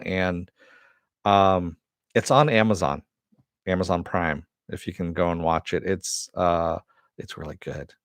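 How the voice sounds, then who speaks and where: A man's voice: low voice, no room sound, studio quality. A man hosting a casual live-stream chat, answering viewers and swearing now and then. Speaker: host.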